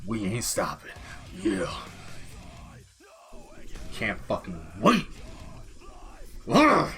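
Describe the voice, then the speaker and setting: A man's voice: on the low side, wildly swooping pitch, extremely slow, pauses often, a bit bright, raised voice, faint music behind. A young American man ranting profanely on a political commentary stream. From United States.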